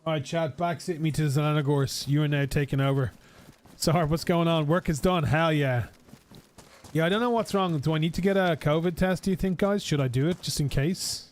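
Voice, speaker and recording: A man's voice: on the high side, fairly quick. A man, a streamer, chatting casually and joking while he plays a game. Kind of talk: casual gaming stream chat.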